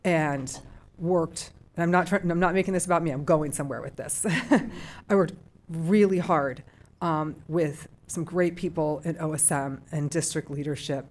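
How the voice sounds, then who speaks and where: A middle-aged woman with a low voice speaks at a public school board meeting. Her remarks are heartfelt and emotional, full of restarts and trailing phrases as she shares what the decision means to her. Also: normal speed.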